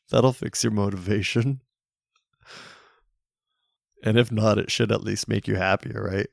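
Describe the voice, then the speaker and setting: A man's voice: sits low, creaky, darkish tone, dry recording, studio quality. A young man hosting a solo podcast, rambling casually with jokey, self-mocking, crude humor. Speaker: podcast host.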